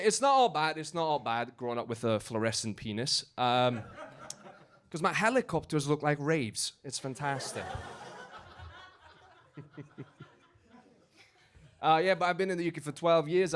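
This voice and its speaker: A young man from Romania works a comedy club crowd with a lively, swooping delivery. He sits a bit high for a man and leans on casual fillers as he tells his stories. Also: normal speed, pauses often. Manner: animated storytelling with filler words. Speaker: stand-up comedian. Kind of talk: stand-up comedy set.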